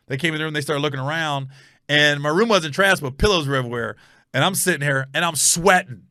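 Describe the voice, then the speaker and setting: A man hosting a comedy podcast, telling a funny story with animated energy and loud reenactments. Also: fast talker, no room sound, studio quality. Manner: animated storyteller, bursts into high shouted yelling when reenacting.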